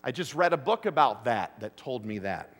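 Here the pastor's voice sits mid-range, very animated and a bit bright, moving at normal speed. Addressing his congregation, he weaves in stories and repeatedly asks rhetorical questions, all under long hall reverb.

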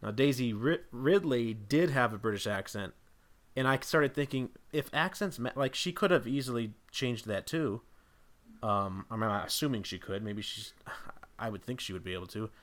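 A man speaking as a guest on a podcast, thinking out loud with lots of fillers and restarts. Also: medium pitch, moderate pace. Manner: rambling, thinking aloud with many fillers. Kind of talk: casual podcast discussion.

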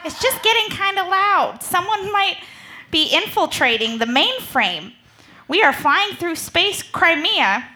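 A woman's voice: very high voice, sing-song, a little slow, pushed and bright, heavily acted. A woman playing a dramatic, worried spaceship crew member in an improvised comedy. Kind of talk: improvised comedy role-play.

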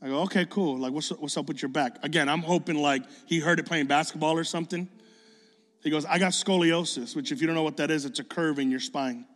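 A man preaching a sermon, telling a story with lively acted-out dialogue and excited bursts. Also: on the high side, quick pace, long reverb tail. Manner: animated, acts out dialogue, builds to excited bursts.

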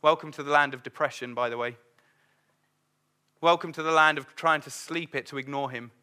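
Middle-aged man, sermon, conversational, acts out quotes; high, bright voice. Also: steady tone, brisk, smooth. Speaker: preacher.

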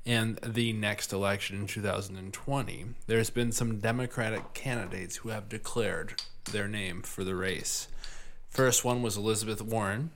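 A man's voice: fairly low pitch, a bit bright, slight background noise. A man with a Midwestern accent chatting casually, hesitant and full of ums. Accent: Midwestern American. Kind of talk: casual chat.

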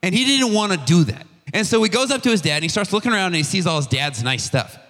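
A young man giving a casual youth sermon, telling a story in a conversational, animated way with slang and restarts. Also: sits high, quick pace. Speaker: youth pastor. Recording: long hall reverb.

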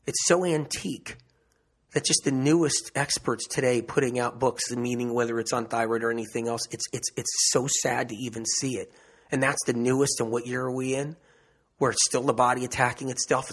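A man's voice: medium pitch, husky. A man giving an emphatic health monologue, repeating phrases for emphasis and restarting often. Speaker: health speaker. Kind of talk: impassioned monologue.

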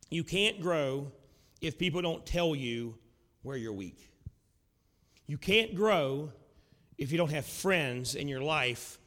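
A male pastor with a drawl delivers an earnest sermon in a fairly high voice. He presses his points with questions to the congregation, then drops his voice low and quiet for the hard truths. The sound carries a long, ringing reverb of a big sanctuary. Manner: earnest preaching, swinging between loud emphatic lines and low quiet drops; asks the audience rhetorical questions.

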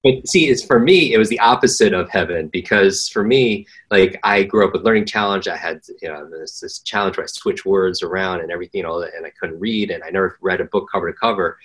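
Deep-voiced man telling a personal story. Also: a little fast, hardly any pauses, fairly bright tone, low-quality recording. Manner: earnest, frequent restarts and fillers. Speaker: interview guest, learning coach. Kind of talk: storytelling in conversation.

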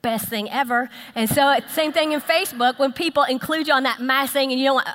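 A woman's voice: high-pitched, fairly quick. Playful woman preaching in an echoey hall. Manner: lively, playful, teasing the audience. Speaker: pastor's wife. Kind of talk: sermon. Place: church sanctuary.

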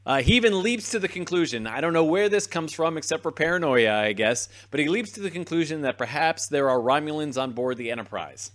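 A man's voice: a little high, brisk, hardly any pauses. A man co-hosting a podcast, casually recapping a TV episode and acting out the scenes as he goes. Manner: lively retelling, acting out scenes. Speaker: podcast co-host.

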